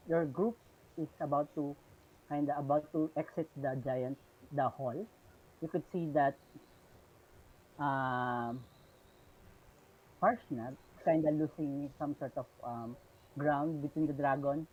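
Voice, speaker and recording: A man's voice: fairly high pitch, steady tone, measured pace, long pauses, breathy edge, phone-quality sound. A man with a Filipino accent narrating a tabletop game as game master, with many fillers, switching between English and Tagalog.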